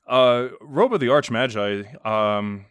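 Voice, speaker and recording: A man's voice: medium pitch, takes it slowly, a bit bright, clear, resonant tone, no echo. Rambling playful man, dry close sound. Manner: rambling, playful, many restarts. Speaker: podcast co-host. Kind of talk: in-character casual chat.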